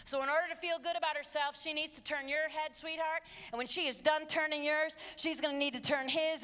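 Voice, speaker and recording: A middle-aged woman giving a live talk to students and parents in an auditorium, emphatic and sarcastic, moving between hushed asides and shouts. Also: high-pitched, steady tone, brisk, few pauses. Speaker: speaker addressing students and parents. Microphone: handheld stage mic. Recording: long hall reverb.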